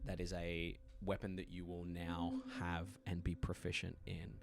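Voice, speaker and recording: A man narrating as game master in a one-on-one tabletop game, relaxed and filling pauses with frequent "uh" sounds. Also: low-pitched, creaky. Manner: relaxed, many "uh" fillers, quick laughs.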